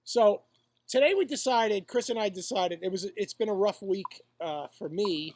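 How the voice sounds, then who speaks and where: A man's voice: sits high, normal speed, no room sound, studio quality. A man co-hosting a casual podcast, rambling through stories and swearing freely. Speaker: podcast co-host. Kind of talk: casual chat.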